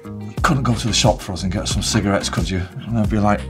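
A man's voice: on the low side, quick pace, music in the background. A middle-aged man from England, blunt and sweary, telling stories in interview clips and acting out the people in them. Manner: blunt, sweary, acts out other people in anecdotes. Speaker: interviewee, musician. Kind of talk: anecdotal chat across interview clips.

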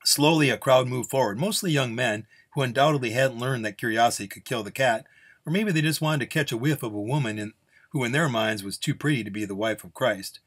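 A man's voice: mid-range voice, a little fast, a bit bright, husky. Man reading a Western story aloud. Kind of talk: storytelling narration.

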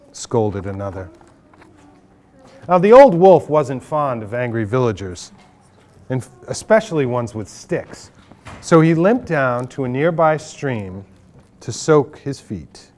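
A man's voice: mid-range voice, a little slow. A man, a children's book author, reading his picture book aloud to an audience of children in a library, leading them in call-and-response. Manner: animated, leads call-and-response with the kids. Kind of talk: live storybook reading to children.

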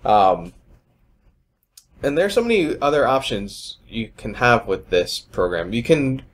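A man's voice: mid-range voice, very animated, measured pace. A young man hosting a podcast in casual chat, joking and wandering off on tangents. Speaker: podcast host.

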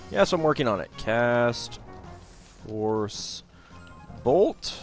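A man's voice: mid-range voice, sing-song, extremely slow, long pauses, faint music behind. A man hosting a let's play, thinking aloud and joking at his own expense as he plays through a game. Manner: chatty, thinking aloud, self-deprecating. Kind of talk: casual gameplay commentary.

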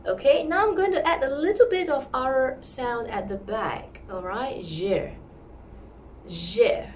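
A woman teaching pronunciation in a lesson, sounding out words slowly and repeating them with care. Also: high voice, distant mic, slight background noise. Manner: slow, careful, repeats words. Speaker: music teacher.

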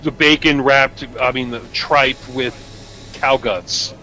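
A man with a New Jersey accent, co-hosting a casual live-stream chat, animated and talkative with quick asides. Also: medium pitch, poor audio.

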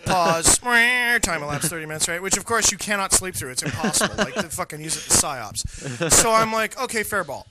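A man co-hosting a casual radio show, telling crude, animated anecdotes with lots of swearing. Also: high-pitched, fairly quick, a loud crowd. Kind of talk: casual storytelling chat.

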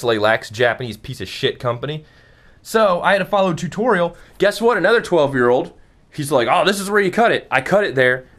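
Young man, vlogger, frustrated rant, swearing a lot, lively up-and-down pitch, casual camera-mic recording. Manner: frustrated, profane, rambling. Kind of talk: casual ranting vlog.

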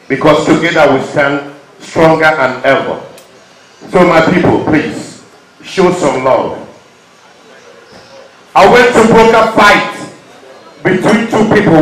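Nigerian guy on stage telling his story, emotional, loud then choked up, echoey room. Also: on the high side. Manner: impassioned, swings from loud urging to quiet, choked-up. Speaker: performer speaking to an audience.

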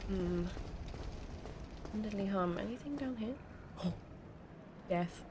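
A woman's voice: mid-range voice, slow, background noise. A young woman giving let's play commentary, talking to the enemies and reacting aloud as she plays. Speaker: gaming video creator.

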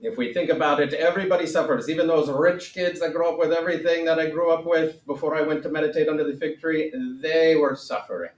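A man's voice: on the high side, steady tone, quick pace, few pauses, roomy sound, recorded from a distance, lightly acted, rough recording. A male teacher playing a jokey wise sage in comic classroom role-play, with a wobbly put-on accent and theatrical delivery. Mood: mock-solemn. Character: man playing the Buddha as a mock-solemn sage.

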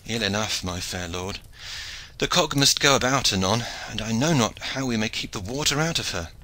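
A man reading an audiobook, voicing an anxious, gruff male ship's master who bellows orders at sea. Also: fairly low pitch, animated, moderate pace, bright, forceful tone, low-quality recording. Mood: wary.

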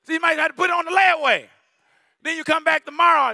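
Bishop guy preaching, gravelly fry in his voice, gets loud and animated, dry close sound. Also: very high-pitched, brisk, dry recording. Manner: animated, storytelling, rises to shouting, chuckles. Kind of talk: sermon. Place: church sanctuary.

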